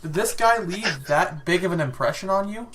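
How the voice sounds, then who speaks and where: A man's voice: sits high, lively intonation, normal speed, a bit bright. A man co-hosting a casual podcast in an offhand way, swearing and laughing easily. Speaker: podcast co-host.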